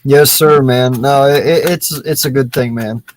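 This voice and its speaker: A man's voice: mid-range voice, fairly even intonation, normal speed. A man co-hosting a casual stream, friendly and stammering, often calling people dude. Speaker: co-host greeting chat viewers. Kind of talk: casual chat.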